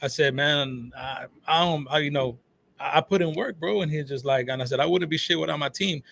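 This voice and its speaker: A man, a phone repair shop owner guesting on a talk show, telling animated stories full of swearing and acted-out quotes. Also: fairly high pitch, brisk, vocal fry, slight background noise. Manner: animated storyteller, swears freely, acts out quotes. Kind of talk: casual talk show chat.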